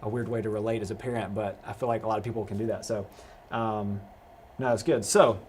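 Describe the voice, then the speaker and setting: A man's voice: fairly low pitch, fairly even intonation, fairly quick, darkish tone, a little hiss or hum. A young man hosting a live youth discussion, casual and rambling, with many restarts. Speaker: youth pastor host.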